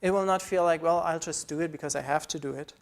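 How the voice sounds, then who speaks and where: A man's voice: a little high, fast, vocal fry. Earnest man preaching a sermon. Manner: earnest, pleading, repeats phrases. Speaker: pastor.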